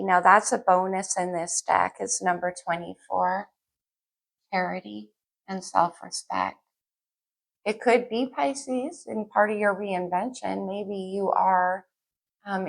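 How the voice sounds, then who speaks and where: In a medium-pitched voice with vocal fry, a woman gives a casual tarot reading to the camera. She's chatty and a bit scattered, thinking out loud as she pulls the cards.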